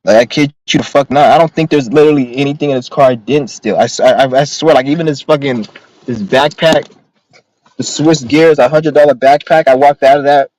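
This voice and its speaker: A man's voice: mid-range voice, fairly even intonation, a little fast, darkish tone, low-quality recording. A young man talking casually to the camera from his car, rambling and swearing while telling stories, agitated and blunt. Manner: profane, rambling, agitated storytelling. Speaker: vlogger.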